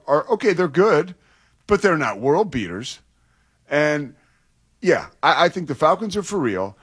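A man co-hosting a sports radio show, talking in halting bursts with many restarts and chuckles. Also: mid-range voice.

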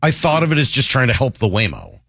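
Emphatic male radio co-host, lively pitch. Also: fast talker, creaky, husky, dry recording, clean studio sound. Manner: emphatic, blunt opinions. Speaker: radio sports talk show co-host. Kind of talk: casual studio banter. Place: radio studio.

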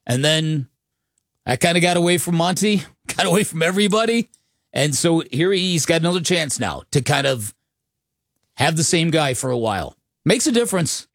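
A chatty male sports radio co-host with a somewhat high voice, who stumbles into his points and restarts them before landing them emphatically. The sound is close and dry, straight from a studio microphone. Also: expressive, normal speed, fairly bright tone, dry recording.

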